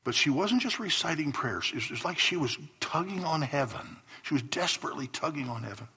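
A man's voice: a little high, lively intonation, brisk, sharp tone, slightly rough. A man preaching a sermon to his congregation as pastor, telling stories with earnest bursts of emphasis. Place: church hall before a congregation.

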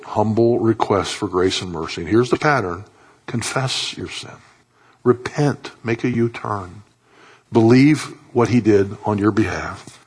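Husky-voiced man preaching a sermon. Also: fairly low pitch. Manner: impassioned preaching with sudden soft drops and pleading repetition. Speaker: pastor.

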